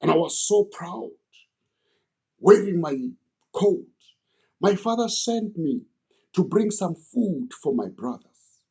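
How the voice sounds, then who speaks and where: A man's voice: high voice, expressive, takes it slowly, long pauses, darkish tone. A young man earnestly retelling an old story in the first person, as if he lived it.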